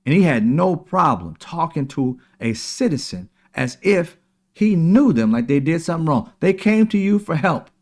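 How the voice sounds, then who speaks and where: A man's voice: fairly high pitch, big pitch swings, normal speed, darkish tone. A man hosting a political commentary show, talking in a heated, sarcastic, preachy way and cursing freely.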